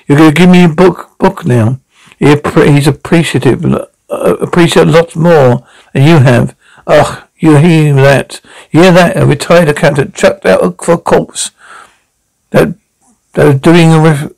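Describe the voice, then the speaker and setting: A gravelly man with a slightly raised pitch, trading crude sitcom lines. His talk is brash and coarse, full of comic bluster. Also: a little mellow, rough recording. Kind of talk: sitcom dialogue.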